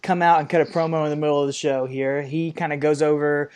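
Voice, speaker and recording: A man's voice: fairly high pitch, level tone, quick pace, a little mellow, clean tone. Laid-back man co-hosting a podcast. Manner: opinionated, laughs often. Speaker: podcast co-host. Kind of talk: casual chat.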